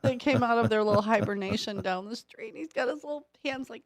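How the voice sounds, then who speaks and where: A woman's voice: a little high, fairly quick, dry recording. Playful female radio morning host, dry sound. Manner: playful storytelling, chatty and animated. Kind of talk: casual morning radio chat. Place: radio studio. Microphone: studio microphone.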